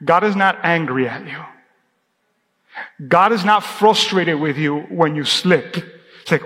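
Man, pastor, preaching a sermon, high voice, church hall reverb, lively call-and-response. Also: a little slow, long pauses. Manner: preaching with call-and-response, drops to a hushed tone for emphasis. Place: church sanctuary.

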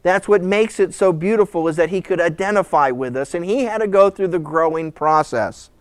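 A middle-aged male pastor teaching through a Bible passage in a sermon, telling the story in an animated way. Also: high voice, fairly quick, clear, resonant tone, no room sound, studio quality. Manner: animated storytelling, acting out voices with laughs.

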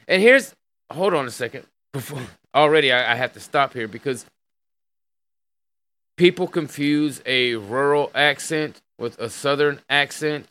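A man's voice: mid-range voice, measured pace, fairly bright tone, poor audio. A man hosting an online podcast, chatting casually with crude language and reading an article aloud over a call. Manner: loose and crude, with fillers and laughs. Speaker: podcast host.

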